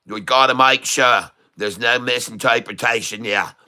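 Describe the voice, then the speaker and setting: A man's voice: mid-range voice, moderate pace, sharp tone. A man hosting a casual day-trading livestream, talking in a folksy, joking, rambling way.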